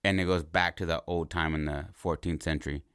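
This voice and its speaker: A man casually pitching a movie idea as a long story, rambling and animated, repeating words and checking in with "right?". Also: a little fast, clear, resonant tone, no echo, studio quality.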